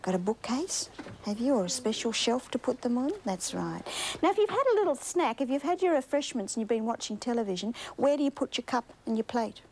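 Lively, coaxing Australian woman TV host. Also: on the high side, brisk, a little hiss or hum, low-quality recording. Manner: coaxing, sing-song, asks many tag questions. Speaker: children's TV host. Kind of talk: talking to young children on a TV show.

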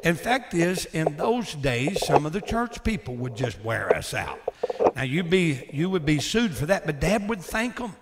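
An older man with a drawl tells casual stories from his life. His voice sits a little high for a man. His delivery is folksy and animated, with chuckles between lines. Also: measured pace, very noisy. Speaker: former pastor and builder. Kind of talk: casual storytelling.

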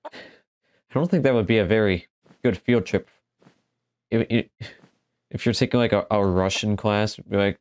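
A man's voice: fairly low pitch, unhurried, pauses often, a little mellow, no echo. A man giving casual let's-play commentary, joking and exclaiming as he talks back to the game. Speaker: gaming commentator.

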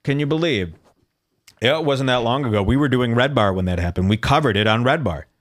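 A man's voice: medium pitch, expressive, brisk. A man hosting a solo podcast, delivering incredulous, ranting commentary and reading social media posts aloud. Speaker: podcast host.

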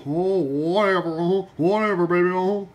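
A woman voicing a mellow, easygoing male chef in a puppet show comedy, speaking in a soothing drawl. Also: lowish voice, brisk, natural voice. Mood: laid-back.

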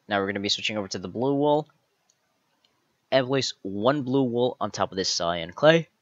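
A man's voice: on the low side, animated, moderate pace, dry recording, muffled recording. A man hosting a step-by-step game building tutorial, methodically counting each block aloud as he places it. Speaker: tutorial host.

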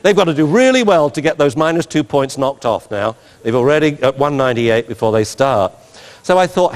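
A man lectures as a dog trainer, spinning anecdotes with a fairly high voice that leaps up and down. He laughs often and mimics sounds as he goes, and a long reverb trails his words around a large hall. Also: expressive, fairly quick. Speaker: dog trainer giving a talk.

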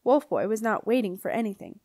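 A woman narrates a children's fantasy audiobook in a steady, clear voice at a middle pitch. The recording is dry and close to the mic. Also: a little fast, dry recording. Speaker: audiobook reader. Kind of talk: scripted narration.

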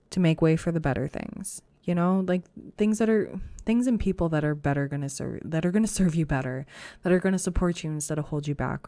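A woman giving a casual, chatty pick-a-card tarot reading, reassuring and full of fillers, her voice a bit rough today. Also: fairly low pitch, warm tone, dry recording. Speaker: tarot reader.

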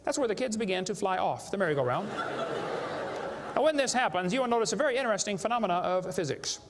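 Playing to a crowd in a big hall, a man delivers a creationist seminar with jokes and emphasis. He speaks quickly in a high-pitched voice with lively intonation, captured in an echoey room with slight background noise.

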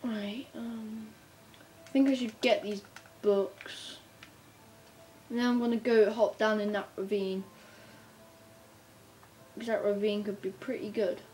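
Slow, mellow woman gaming. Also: medium pitch. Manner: chatty, talks to herself while playing, bursts of excitement. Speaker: gamer narrating her play. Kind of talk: casual gameplay commentary. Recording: faint background noise.

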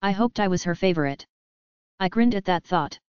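A woman reading first-person audiobook narration at an even, unhurried pace. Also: on the low side, clear, resonant tone, no echo, lo-fi sound.

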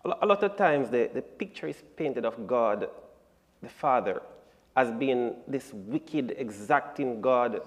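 A man teaching a Bible lesson in church, deliberate and emphatic, leaning hard on key words. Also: medium pitch, a little mellow. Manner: deliberate and emphatic, building to strong stresses. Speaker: Sabbath School lesson presenter. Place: church sanctuary. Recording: long church-hall reverb.

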